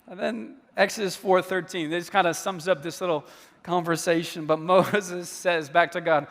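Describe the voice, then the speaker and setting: A man preaching a sermon, animated and storytelling, acting out quoted dialogue with stammered restarts. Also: high-pitched, normal speed, big-room sound. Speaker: pastor. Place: church hall.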